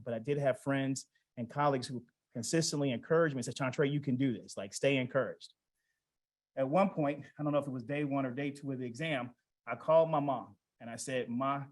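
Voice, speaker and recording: Man, 40s, mid-pitched, conversational speaker at an awards event, storytelling with asides to the audience. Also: rough recording. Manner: conversational, retells family dialogue, asks the audience questions. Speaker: award recipient giving a speech. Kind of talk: personal storytelling speech. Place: event hall.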